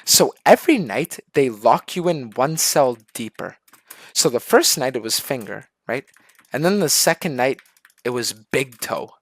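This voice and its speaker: A man's voice: medium pitch, animated, unhurried, dry recording. A male streamer telling an absurd story in a casual, profane rant.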